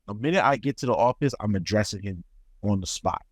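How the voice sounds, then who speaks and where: A man with a lowish voice tells a story on a podcast, jumping up in pitch whenever he acts out what he said. The sound is close and dry, with no room around it. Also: fast, dry recording. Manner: animated storyteller, acts out his own quoted lines. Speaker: podcast co-host. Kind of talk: casual storytelling chat.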